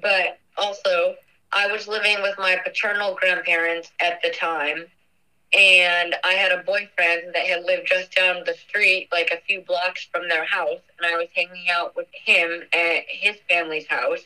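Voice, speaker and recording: Bright-voiced young woman recalling loss. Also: fairly low pitch, little pitch movement, low-quality recording. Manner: earnest, halting, frequent fillers. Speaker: interviewee. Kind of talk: personal recollection.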